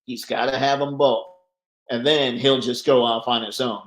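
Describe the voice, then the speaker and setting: A man's voice: mid-range voice, fairly even intonation, normal speed, echoey room. A man hosting a casual livestream, reading viewer comments aloud and chatting back with frequent laughs. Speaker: livestream host reading chat. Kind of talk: casual live chat.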